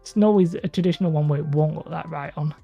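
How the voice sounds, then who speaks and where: With a deep voice, vocal fry and a fast delivery, a woman runs a hobby livestream where she reads viewer comments and chats loosely, rambling and laughing. The stream audio is dull and lo-fi, with faint music behind her.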